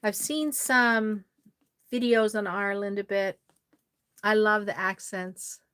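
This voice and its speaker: A woman's voice: mid-range voice, fairly even intonation, takes it slowly, fairly bright tone, clear, resonant tone. A woman from Nova Scotia, chatting casually on a live stream, rambling and reading out viewer comments as she works on a doll. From Nova Scotia, Canada.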